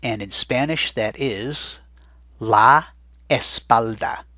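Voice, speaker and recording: Male teacher, low-ish husky voice, bright tone, chatty and patient, dictates each word slowly, dry close recording. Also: no room sound. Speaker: Spanish teacher. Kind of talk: recorded vocabulary lesson.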